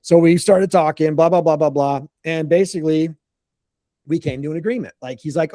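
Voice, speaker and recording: A man tells a casual work story with lots of energy, acting out each quote and tripping over his restarts. His voice sits a bit high but sounds mellow and relaxed. The recording is dry and close. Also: fairly quick, no room sound. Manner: animated, acts out quotes, frequent restarts. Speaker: contractor telling a story.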